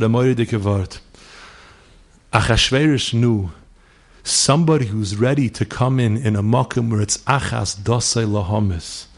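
A middle-aged man delivers a holiday sermon as a string of stories, his voice sitting at an ordinary pitch. He weaves Yiddish and Hebrew words into his English and speaks the lines of the people in his tales. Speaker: rabbi giving a holiday talk. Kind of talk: sermon with storytelling.

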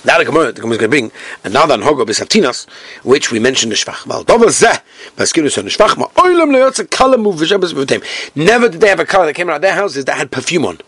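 English male Talmud teacher, animated chanting delivery, dry close sound, slightly high voice. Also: quick pace, slightly rough, no room sound. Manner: acts out quoted speakers in sing-song chant; mixes Hebrew and Yiddish terms into English. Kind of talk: Talmud class, reading and translating.

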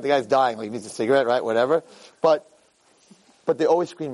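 A man in his fifties giving an animated Jewish ethics talk as a rabbi lecturer, repeating phrases for emphasis and dropping Hebrew and Yiddish terms. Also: very fast, poor audio. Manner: animated, swings from low asides to high shouted quotes.

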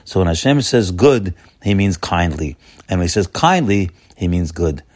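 A man with a fairly low voice delivers a sermon to a congregation. He repeats and restarts his phrases and climbs to emphatic high points. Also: moderate pace. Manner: animated, repetitive restarts, rising to emphatic peaks. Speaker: rabbi. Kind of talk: Torah sermon.

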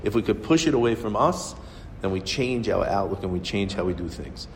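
A man's voice: on the low side, brisk, a little hiss or hum. Man telling a sermon story in a hall. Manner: animated storyteller, acts out characters' voices. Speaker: speaker giving a Torah talk.

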